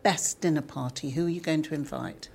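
A woman co-hosting a casual chat, playful and quick with questions. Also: low-pitched, vocal fry, a little mellow, slightly rough.

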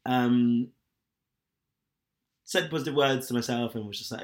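A man's voice: medium pitch, moderate pace, long pauses. A young man chatting candidly and at length, rambling with lots of fillers. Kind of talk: casual chat.

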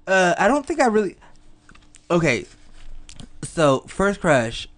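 Lively podcast host man. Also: sits high. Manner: quick, expressive, laughs easily. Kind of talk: casual chat.

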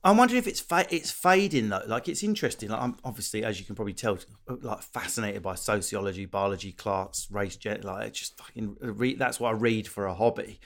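A man's voice: on the low side, fairly quick, vocal fry, few pauses. A man from England with an Essex accent, a comedian and podcast host chatting casually, swearing freely and acting out voices. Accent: Essex English. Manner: animated, swears freely, acts out voices mid-story. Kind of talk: casual chat.

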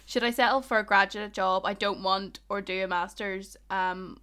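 A woman's voice: mid-range voice, fairly even intonation, normal speed, bright, forceful tone, clear, resonant tone. A woman in her twenties with a Northern Irish Ballymena accent, co-hosting a casual podcast chat, chatty and jokey. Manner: chatty, laughs often, jokey. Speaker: podcast co-host.

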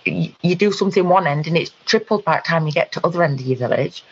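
A woman recounting a personal experience in conversation, halting, with frequent ums and restarts. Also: low-pitched, breathy edge, muffled recording. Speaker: guest.

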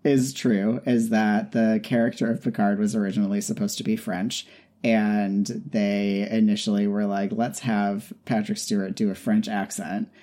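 A man co-hosting a podcast in casual chat, relaxed and laughing often as he talks. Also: fairly low pitch, normal speed. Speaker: podcast co-host.

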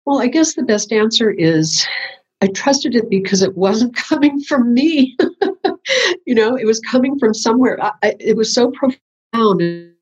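Here the woman's voice sits a little high, unhurried and a touch mellow, slightly rough, with lively intonation. She's an older spiritual teacher in a relaxed interview, describing the beginnings of her work while laughing a lot and acting out what she was thinking then. Sound quality is muffled lo-fi.

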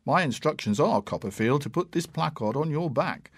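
A man voicing a grave, regretful schoolmaster who speaks in a measured way. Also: a little high, lively intonation, husky, dry recording, studio quality.

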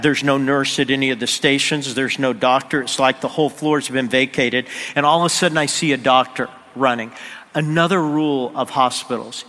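Male pastor, sermon storyteller, forceful tone, echoing church hall. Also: medium pitch. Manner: drops to near-whisper on emotional moments. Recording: long hall reverb.

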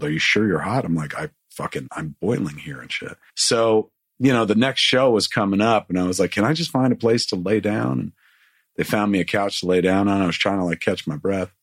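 A man's voice: low-pitched, slightly rough, no room sound, studio quality. A man casually telling a long story with lots of swearing, acting out what people said. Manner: profane, rambling, acts out quotes.

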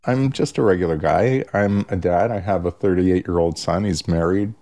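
An older man, a therapist guest, talking in a direct, plain-spoken and warm-hearted way. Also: low-pitched, moderate pace. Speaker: social worker and therapist guest. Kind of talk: casual interview chat.

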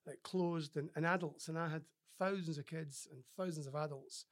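A man's voice: a little high, steady tone, moderate pace. A man from Scotland, a former rugby player and podcast guest, chatting casually and telling stories. He acts out other people's lines and often restarts his sentences. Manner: frequent restarts and filler words. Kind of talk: casual interview storytelling.

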